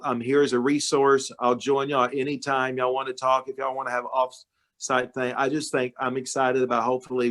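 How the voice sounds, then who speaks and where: A man, speaking to a club meeting over a video call in a folksy, storytelling way while recovering from illness. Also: medium pitch. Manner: folksy, storytelling, warm-hearted address. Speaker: county judge guest speaker. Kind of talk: casual talk to a club meeting.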